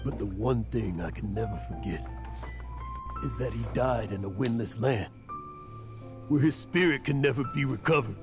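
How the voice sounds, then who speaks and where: A weary, aging adventurer with a rough, gravelly voice, played by a man. He speaks haltingly and with feeling, at a middling pitch for a man, with game music clearly underneath. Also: close to an everyday voice. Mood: melancholy. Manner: halting, emotional. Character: aging, remorseful male adventurer.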